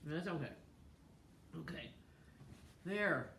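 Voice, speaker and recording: A woman's voice: low-pitched, animated, slow pace, fairly bright tone. A talkative woman co-hosting a home cooking show, gushing over each bite. Her voice bounces around a roomy kitchen, with a faint hum behind it. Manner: chatty and effusive, lots of oohs over food. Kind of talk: casual chat.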